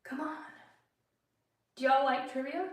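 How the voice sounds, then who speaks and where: A woman's voice: high voice, measured pace. A young adult woman hosting a casual live stream, chatting with viewers, answering their comments and laughing often. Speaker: livestream host. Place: room at home, bedtime routine. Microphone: phone livestream. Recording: echoey room.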